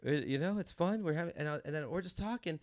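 A man in his thirties from Los Angeles, a comedian hosting a podcast, telling a rambling story with animated energy and laughing as he goes. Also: on the high side, quick pace. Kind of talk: casual storytelling chat.

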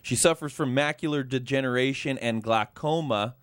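A man's voice: medium pitch, normal speed, clear, resonant tone, no echo. A man co-hosting a casual talk show, laid-back and jokey, reading news items. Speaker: radio show co-host.

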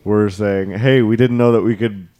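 A young man in casual chat, telling an animated story and laughing often. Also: lowish voice, normal speed.

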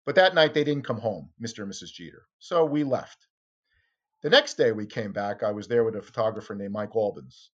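A man's voice: fairly quick, highs cut off. A man telling an anecdote in an interview, acting out quoted lines with big jumps in his voice. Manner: animated, acts out quotes with sharp jumps in pitch. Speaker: interview guest, former tabloid reporter. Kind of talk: conversational storytelling.

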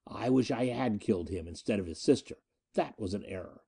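A man voicing a cunning, ruthless male space-pirate leader who speaks in a measured, coldly matter-of-fact way. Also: lowish voice, expressive, gravelly, mellow, husky, voice pushed down, full character voice. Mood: cold, menacing.

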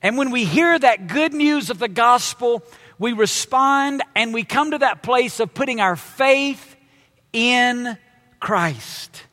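A man delivers a sermon in a church auditorium, leaning hard on the words that matter most. His voice sits high and his pace is unhurried. Long hall reverb trails each phrase. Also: lively intonation, bright, forceful tone. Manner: emphatic, slow preaching with drawn-out key words. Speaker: pastor.

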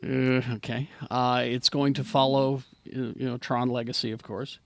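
A man hosting a casual group chat about movie news, joking around and dropping deadpan impressions. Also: medium pitch, moderate pace, creaky, no room sound. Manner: jokey, trades in deadpan one-line impressions. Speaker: podcast host reading movie news.

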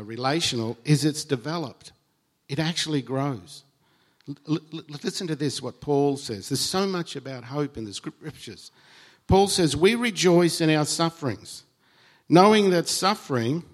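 A man preaching a sermon in a conversational, earnest way, swinging between soft, low remarks and emphatic lines.

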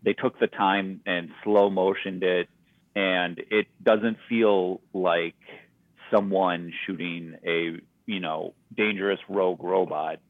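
A man with a very deep voice walks through a film's plot in a relaxed, chatty podcast manner. His audio is narrow and phone-like. The sound is dry and close. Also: takes it slowly, no echo. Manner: relaxed, storytelling, recapping plot. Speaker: podcast co-host. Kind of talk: casual movie recap chat.

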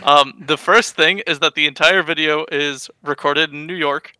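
A man with a Mid-Atlantic American accent telling a story in casual chat, halting, with many fillers. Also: a little high, steady tone, sharp tone, clean tone, no room sound, low-quality recording. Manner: hesitant, filler-heavy storytelling.

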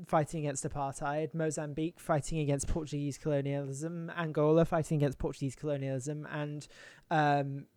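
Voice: mid-range voice, level tone, fairly quick, few pauses, darkish tone, no room sound. A podcast co-host talking in wry, explanatory casual chat, with frequent restarts.

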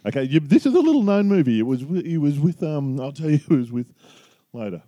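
A man's voice: on the high side, sing-song, fast talker, mellow, no echo. A middle-aged Australian man co-hosting a podcast in casual chat, an easygoing storyteller spinning a yarn. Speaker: podcast co-host.

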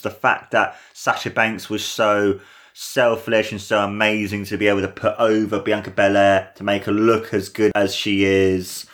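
A young man with a fairly low voice gushes through a wrestling match he is watching along with his viewers. He talks in an excited, rambling commentary, piling on praise and loose fillers. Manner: gushing, enthusiastic, full of fillers.

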